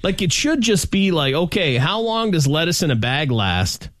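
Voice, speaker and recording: Animated man joking on a radio show. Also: fairly high pitch, normal speed, dry recording, clean studio sound. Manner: joking, animated, laughs often. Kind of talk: casual banter.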